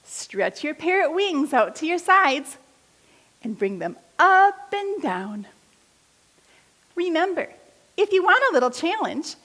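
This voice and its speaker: A woman leading a kids' yoga class, giving slow, encouraging step-by-step instructions between story readings. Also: sits high, fairly bright tone. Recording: long hall reverb.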